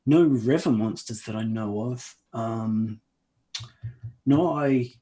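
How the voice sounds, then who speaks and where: A man's voice: mid-range voice, slow pace, dark tone. Hesitant man playing his character. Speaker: player. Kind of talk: casual tabletop play.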